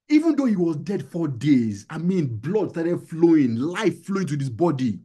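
A man's voice: on the high side, very animated, normal speed, a little mellow, breathy edge. A young adult male pastor preaching a sermon to a small gathering, urging and repeating his lines. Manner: exhorting, repetitive preaching with call-and-response.

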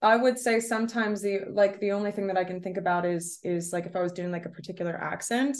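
A woman's voice: medium pitch, fairly even intonation, quick pace, a little mellow. A young woman from the United States, an actress chatting casually as an interview guest, with lots of fillers. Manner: chatty, many fillers, laughs often.

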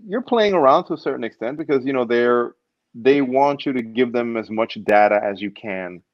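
A man's voice: medium pitch, normal speed, dry recording, dull audio. A man guest in a casual interview, telling stories and acting out what people say. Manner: animated storyteller, acts out quotes. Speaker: stunt performer guest.

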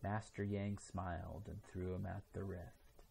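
A man reading a children's storybook aloud in a slow, even way. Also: sits low, gravelly, a little hiss or hum. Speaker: storybook reader.

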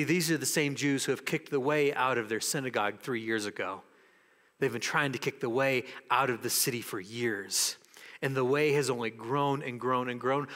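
A man preaching a sermon as pastor, animated and acting out the voices of people in the story. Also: mid-range voice, big-room sound.

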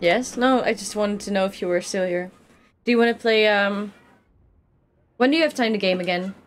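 A woman's voice: mid-range voice, moderate pace, a little hiss or hum. Dutch girl gaming stream, chatty and jumpy, yelps and laughs, faint gunfire behind. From Netherlands. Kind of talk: casual gaming stream chat. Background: game gunfire.

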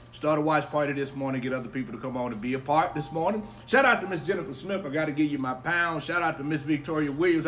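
A man's voice: fairly high pitch, slight background noise. Upbeat pastor, man, live stream. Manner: upbeat shout-outs to viewers, then quieter storytelling. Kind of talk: casual live-stream sermon. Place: home backyard.

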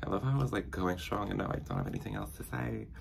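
Chatty young man with a lowish voice. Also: fast, vocal fry, heavy background noise. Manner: chatty, rambling, frequent "like" fillers. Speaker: beauty vlogger. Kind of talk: casual storytelling while doing makeup.

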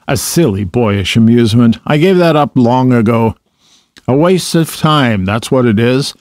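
A man's voice: medium pitch, animated, measured pace, a little mellow, no echo, clean studio sound, close to an everyday voice. A man voicing a rich, boastful male toad who gushes and exclaims over his latest fancy. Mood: eager.

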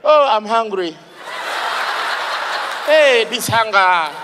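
A man playing a flustered village man at an acting audition who keeps shouting in indignation. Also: high-pitched, animated, slow, crowd noise, background noise. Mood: confused.

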